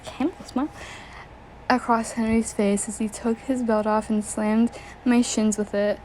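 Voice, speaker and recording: A woman's voice: on the high side, measured pace, darkish tone, a little hiss or hum, rough recording. A young woman reading fan fiction aloud, often breaking off to giggle, react and joke. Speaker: story reader.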